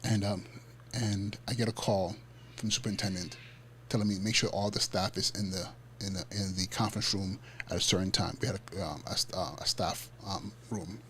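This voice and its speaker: A man hosting a podcast, telling a personal story in a casual, animated way. He restarts often and acts out the dialogue in street slang. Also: sits low, a little fast, slight background noise. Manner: frequent fillers and self-restarts. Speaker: podcast host.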